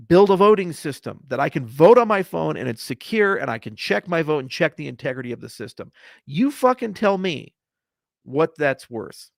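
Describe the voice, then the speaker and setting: A man with a gravelly, somewhat high voice speaks to camera in a passionate, blunt and profane monologue, his level swinging from hushed to loud. The sound is dry and close, with no room echo. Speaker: crypto industry founder. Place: Colorado.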